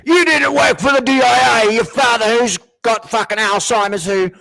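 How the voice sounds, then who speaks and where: A man voicing a scornful middle-aged mother who accuses and insults, pitched well above his own voice. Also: normal speed, vocal fry, pushed and bright, no echo, full character voice. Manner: sneering, accusing.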